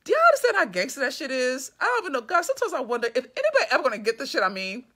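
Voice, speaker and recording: A woman's voice: high voice, sing-song, rapid-fire, a bit bright. A woman reading her own story aloud and breaking off to gush and swear about her characters. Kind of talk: live reading with commentary.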